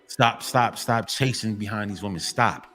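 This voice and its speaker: A man's voice: fairly low pitch, moderate pace, soft background music. A man giving a preachy, emphatic monologue to men, repeating himself and addressing them again and again. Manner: emphatic, repetitive, keeps saying gentlemen. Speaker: motivational vlogger.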